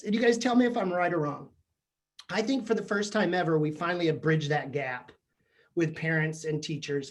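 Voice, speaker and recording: Male keynote speaker, comedic and animated, playful questions to the crowd, lively pitch. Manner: animated, jokey, asks the audience questions. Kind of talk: comedic motivational talk. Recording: virtual session.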